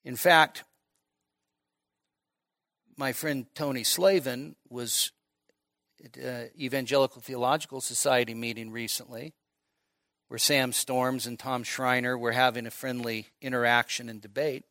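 Male pastor, expository sermon, church service, slow emphatic delivery, high bright voice. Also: steady tone. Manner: conversational teaching, frequent "okay?" and "all right?" checks; emphatic, slowing to stress key phrases.

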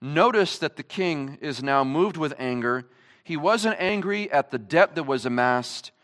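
High, lively-voiced male preacher. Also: unhurried. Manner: emphatic, asks the congregation many rhetorical questions. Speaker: pastor. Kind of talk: sermon. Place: church service.

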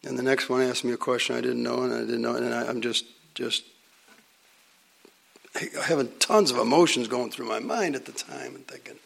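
A man preaching a sermon, telling a personal story with dramatic pauses and sometimes dropping almost to a whisper. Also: mid-range voice, gravelly.

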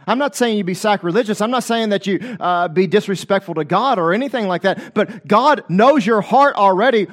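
A male preacher with a fairly high voice delivers a passionate sermon. He speaks straight to his listeners, asks them for an "amen", and acts out the voices of the scripture he quotes.

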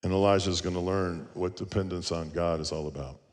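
A man's voice: sits low, fairly even intonation, brisk, long reverb tail. A male pastor preaching a sermon, earnest and storytelling, with rhetorical questions.

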